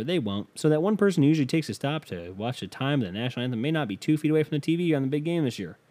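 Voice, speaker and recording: On his casual solo podcast, this host reads out betting odds, sounding offhand and swearing freely. His voice sits in the mid range and has a slightly mellow quality.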